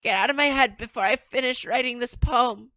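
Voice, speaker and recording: A streamer reading a game's lines as an anguished young girl in a frantic, repeating, near-shouting voice. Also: mid-range voice, fairly quick, no room sound, voice pushed up.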